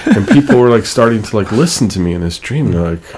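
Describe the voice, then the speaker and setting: A man's voice: on the low side, lively intonation, quick pace, darkish tone, breathy edge. A man co-hosting a radio show, telling long stories in a rambling way with many fillers and restarts. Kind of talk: casual radio chat.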